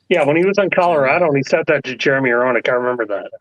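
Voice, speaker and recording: A man's voice: mid-range voice, a bit bright, no room sound, rough recording. A man joking and swearing in a casual chat on a call.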